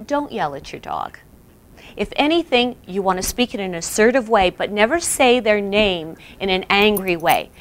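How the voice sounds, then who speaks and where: A woman presenter giving casual dog training tips to the camera, chatty and animated, breaking into laughter now and then. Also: medium pitch, normal speed. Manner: animated, laughs often, addresses her dog between tips. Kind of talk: casual how-to talk to camera.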